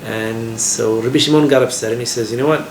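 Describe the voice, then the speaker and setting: A man, a rabbi, teaching an informal class in a lively way, asking his listeners questions and using Hebrew terms. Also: medium pitch, quick pace. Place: classroom with a small group. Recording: echoey room with background noise.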